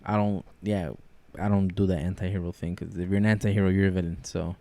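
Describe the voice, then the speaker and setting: Excitable man with a low voice. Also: fast, creaky, a little hiss or hum. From Mexican family, from Durango. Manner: excitable, swears freely, loud laughs. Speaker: podcast co-host. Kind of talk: casual podcast banter.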